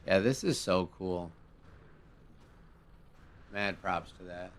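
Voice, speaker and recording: Laid-back low-voiced man hosting a stream. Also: slow pace, a little hiss or hum. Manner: relaxed, rambling, full of fillers and praise. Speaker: host of a live game ship show. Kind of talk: casual live-stream commentary.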